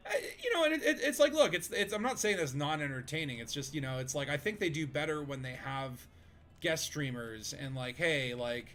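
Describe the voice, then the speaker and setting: A man hosts a relaxed gaming stream, talking in loose, meandering sentences full of "like" and "you know." He narrates what he is doing in the game as he goes. His voice sits a little on the higher side. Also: fairly quick. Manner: rambling, filler-heavy, chatty; narrates own gameplay. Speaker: streamer host. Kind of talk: casual gaming stream chat.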